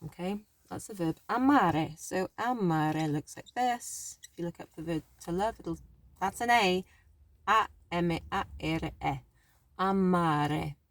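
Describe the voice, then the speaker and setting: A woman's voice: fairly low pitch, expressive, a little slow, no echo. A woman teaching a language lesson in a chatty, thinking-aloud way, often correcting herself as she explains. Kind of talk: casual spoken lesson.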